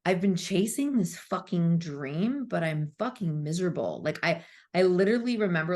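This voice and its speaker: A woman's voice: lowish voice, animated, normal speed, darkish tone. A woman in her thirties, a spiritual coach, telling her story as a podcast guest, candid and swearing freely, acting out her past self. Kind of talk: emotional storytelling interview.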